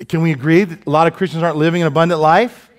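Animated joking pastor preaching. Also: male voice, fairly high pitch, racing. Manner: animated, joking, many rhetorical questions to the congregation. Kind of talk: sermon. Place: church sanctuary.

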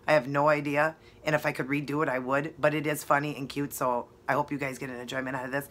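A woman's voice: rumbling low, level tone, quick pace, hardly any pauses, fairly bright tone. A woman chatting casually in her vlog, giggly and keeps breaking into laughter, sometimes dropping almost to a whisper. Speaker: beauty vlogger.

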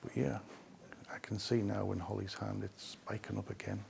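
Gravelly, hushed man ghost-hunting. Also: on the low side, level tone, normal speed, background noise. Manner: hushed, keeping his voice down. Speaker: paranormal investigator host. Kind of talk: ghost-hunting vlog walkthrough. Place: rooms of a large historic mansion, indoors.

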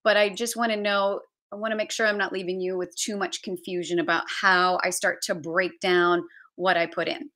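A woman's voice: lowish voice, little pitch movement, moderate pace, sharp tone. A woman hosting a live-streamed budgeting tutorial from her basement, chatty and thinking aloud as she shares her screen. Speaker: travel budgeting host. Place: home basement.

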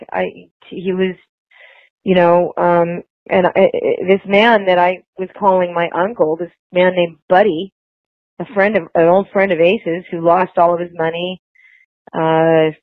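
A woman's voice: on the low side, no echo. A woman guest in a phone interview, talking in an emotional, rambling way with many restarts. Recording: tinny dry phone line.

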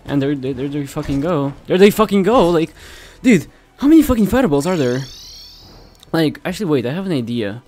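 A young man giving casual gameplay commentary, swearing constantly and reacting loudly to what happens on screen. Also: a little high, sing-song, brisk, slight background noise.

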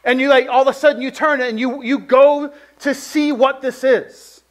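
A man with a strikingly high voice preaches in an easygoing, chatty way. He fills his sentences with "like" and tells stories with animation. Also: moderate pace. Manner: conversational, heavy use of "like", animated storytelling. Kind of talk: casual sermon with personal story.

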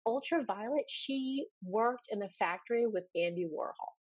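A woman guest on a podcast, telling stories in a lively way and laughing as she goes. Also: a little high, moderate pace, husky, dry recording. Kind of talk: casual storytelling.

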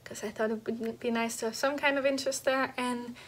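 Woman chatting about knitting at home, kinda breathless, lots of ums and restarts, voice on the higher side. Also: fairly even intonation. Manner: chatty, halting, many fillers and restarts. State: slightly out of breath. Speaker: knitting podcast host. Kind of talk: casual show-and-tell chat. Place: at home next to a heater.

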